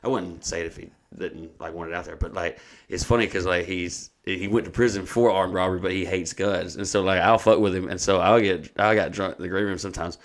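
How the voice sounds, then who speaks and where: Guy rambling thru a wild story, cussing a lot, lowish voice. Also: fairly even intonation, a little fast. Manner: profane, rambling, drawling storyteller. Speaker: comedian. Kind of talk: casual podcast storytelling.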